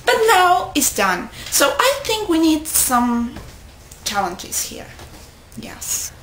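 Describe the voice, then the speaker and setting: A young woman vlogging casually to her friends, rambling and excitable, often stopping to correct herself. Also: high-pitched, slow, a little hiss or hum. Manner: rambling, excitable, with self-interruptions. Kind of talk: casual chat to camera. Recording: echoey room.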